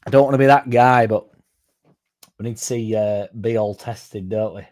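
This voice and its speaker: A man's voice: lowish voice, moderate pace, darkish tone. A man hosting a casual livestream, rambling, swearing and chatting to viewers by name. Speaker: fan channel livestream host.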